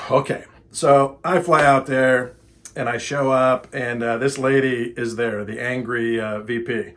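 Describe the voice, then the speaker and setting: Retelling a frustrating exchange, a middle-aged man who works as a speaker and trainer voices both parties in quoted back-and-forth, animated and exasperated. He keeps a casual, measured delivery in a mid-range voice.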